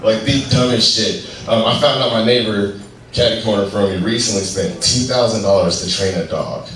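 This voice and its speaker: A man's voice: fairly low pitch, moderate pace, a bit bright. A man from Colorado performing a loose stand-up comedy set, acting out characters as he tells stories. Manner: loose, storytelling with acted-out characters. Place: live venue with audience. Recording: roomy, distant live recording, faint noise.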